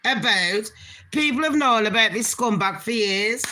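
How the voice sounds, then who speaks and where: A woman's voice: fairly high pitch, measured pace, pushed and bright. A woman hosting her own channel, ranting bluntly in casual commentary and swearing heavily with open scorn. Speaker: channel host.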